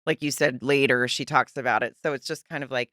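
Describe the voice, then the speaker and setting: A woman's voice: rumbling low, fairly even intonation, fairly quick, fairly bright tone, no room sound, studio quality. A woman co-hosting a podcast, sharing her opinions earnestly and hesitantly, often trailing off mid-thought. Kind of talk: casual chat.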